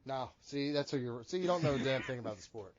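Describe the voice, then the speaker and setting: Brash, joking podcast host. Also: male voice, medium pitch, lively intonation, fast, muffled recording, a crowd in the background. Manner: brash, joking, profane banter. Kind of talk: casual wrestling review chat.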